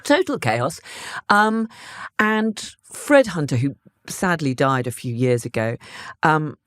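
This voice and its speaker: A woman in her fifties or older, a former news correspondent, telling stories from her career in a conversational interview, animated and laughing often, with many restarts. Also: low voice, slow, no echo, studio quality.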